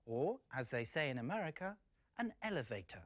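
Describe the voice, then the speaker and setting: Male course presenter, measured explanations, dry close recording. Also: mid-range voice, very animated, dry recording. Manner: slow, clear explaining. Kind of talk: scripted teaching presentation.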